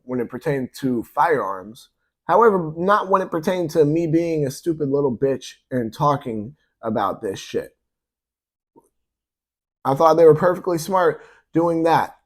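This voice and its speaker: A young man vlogging a heated, profane rant that mocks his opponents. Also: fairly high pitch. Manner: angry, profane, mocking opponents. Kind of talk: ranting commentary.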